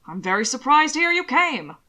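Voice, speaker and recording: A portly, fussy old gentleman, put on by a woman reader blusters and frets with a bright, tense edge. He talks loud and high-strung, an anxious official in an audiobook drama. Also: big pitch swings, a little fast, exaggerated voice. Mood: flustered. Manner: flustered, fretful, loud. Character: portly fussy older male official in a dress.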